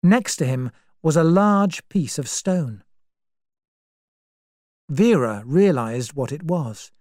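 A woman narrating a story in a measured, expressive way. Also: low voice, dry recording, clean studio sound. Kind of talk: scripted narration.

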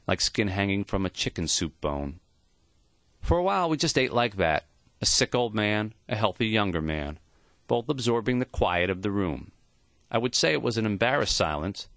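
A man narrating an audiobook in a reflective, measured way. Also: fairly low pitch, creaky, fairly bright tone, dry recording.

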